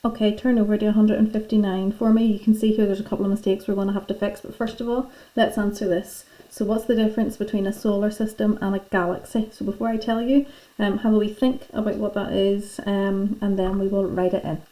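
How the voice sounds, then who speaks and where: A woman's voice: medium pitch, little pitch movement, fairly quick, mellow, rough recording. A woman teacher, patiently and chattily talking pupils through filling in their lesson notes. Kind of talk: classroom lesson going through worksheet notes.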